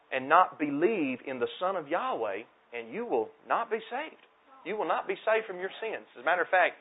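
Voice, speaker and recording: A man's voice: on the high side, slightly rough. Man preaching over a tinny line. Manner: emphatic, repeats key phrases. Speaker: pastor. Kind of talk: sermon. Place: church sanctuary at a pulpit. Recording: tinny phone-like sound.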